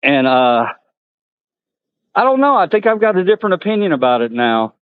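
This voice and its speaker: A man's voice: high voice, sing-song, moderate pace, clear, resonant tone, dry recording, narrow, tinny audio. A man vlogging outdoors at a zoo, chatting to viewers and talking to the animals. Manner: chatty, laughs often, talks to animals. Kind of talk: casual chat to viewers.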